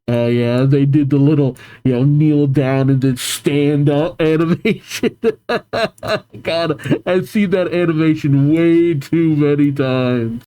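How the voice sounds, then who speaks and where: A man's voice: on the high side, steady tone, slow pace, dark tone, clean tone, poor audio. A man reading a comic aloud as a reaction host, with frequent laughs and playful asides.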